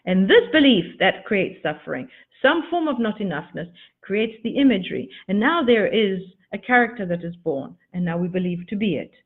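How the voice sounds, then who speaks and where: Expressive woman coach, tinny phone sound. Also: mid-range voice, moderate pace, hardly any pauses. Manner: expressive, swooping emphasis, repeats words; addresses listeners as darlings. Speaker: spiritual coach. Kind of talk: motivational teaching talk.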